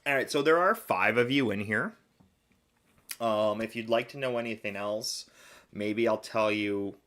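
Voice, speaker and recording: Rambling, low-voiced man chatting. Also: a little slow, fairly bright tone. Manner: rambling storyteller, acts out quoted voices. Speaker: chef and live streamer. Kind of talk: casual live stream chat.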